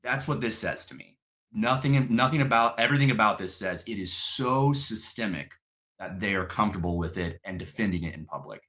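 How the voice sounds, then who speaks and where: A man's voice: on the low side, expressive, brisk, fairly bright tone. A man hosting a political discussion show, speaking with building passion. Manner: impassioned, building to anger. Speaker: podcast host. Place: in-person studio.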